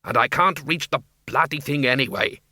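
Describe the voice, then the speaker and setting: A man's voice: medium pitch, normal speed, sharp tone, no room sound, clean studio sound. A man voicing a grumbling, nervous middle-aged vampire count in an audiobook. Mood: grumpy. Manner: whiny, complaining.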